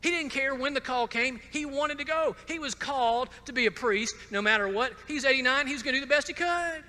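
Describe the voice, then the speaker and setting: A man's voice: very high-pitched, a little fast, pushed and bright, long reverb tail. A man from Georgia gives a personal testimony talk, stumbling over repeated words and dropping wry asides. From Georgia, USA. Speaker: speaker at a conference.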